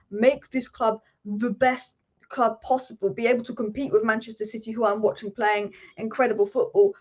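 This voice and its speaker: Passionate woman ranting fast on a live stream. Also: a little high, muffled recording. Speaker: football channel host. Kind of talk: live-streamed football talk.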